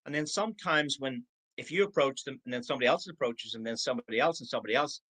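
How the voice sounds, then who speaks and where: A man's voice: mid-range voice, rapid-fire, a bit bright, rough recording. A man in his sixties giving a motivational training talk over a video call, acting out replies in quoted voices. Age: 60s. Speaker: network marketing trainer.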